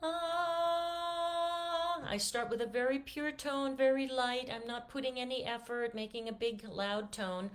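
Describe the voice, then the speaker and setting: Chatty woman voice teacher, not warmed up. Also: on the high side, moderate pace, hardly any pauses, faint music behind. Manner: relaxed, chatty, many fillers and restarts. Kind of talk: casual vocal lesson with sung demonstrations.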